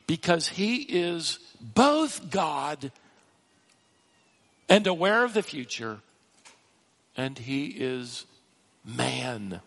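A man preaching a sermon, slow and emphatic, with dramatic rises in pitch on key words. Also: fairly bright tone. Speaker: pastor.

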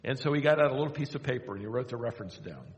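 An older man preaching a sermon, telling a story and slowing down to quote scripture. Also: mid-range voice, animated. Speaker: pastor. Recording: echoey hall.

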